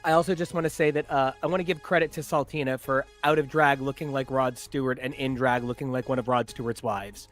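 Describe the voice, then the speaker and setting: A man's voice: medium pitch, fairly even intonation, a little fast, few pauses, fairly bright tone, soft background music. A man co-hosting a casual podcast, making wry, jokey remarks with some swearing. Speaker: podcast co-host. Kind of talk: casual chat.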